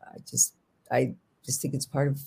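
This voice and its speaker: This New York author, a guest in a casual interview, speaks at normal speed in a mid-range, level voice that is warm, slightly rough and touched with vocal fry. He rambles, keeps restarting sentences and jokes as he goes.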